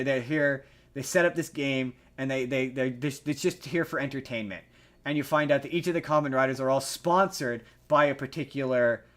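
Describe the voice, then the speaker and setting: A man co-hosting a casual podcast, retelling a story in a rambling, animated way with lots of restarts. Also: mid-range voice. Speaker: podcast co-host.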